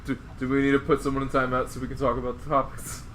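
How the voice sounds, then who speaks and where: A man's voice: mid-range voice, monotone, rapid-fire, a bit bright, slight background noise, poor audio. A man hosting a casual podcast with friends, swearing freely and steering the talk back to topics. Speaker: podcast host and audio editor. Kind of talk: casual chat.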